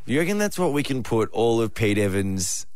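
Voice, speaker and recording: A man co-hosting a radio show, bantering in a jokey, animated way. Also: mid-range voice, normal speed, dry recording, clean studio sound. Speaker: radio co-host.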